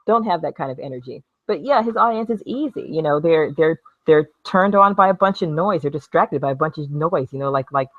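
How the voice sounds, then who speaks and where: A woman's voice: low voice, lively intonation, a little fast, hardly any pauses, no echo, narrow, tinny audio. A woman in a casual vlog rant at home, blunt and sarcastic, swearing freely while she works with a glue gun. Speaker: video blogger. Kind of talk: casual talking-to-camera rant.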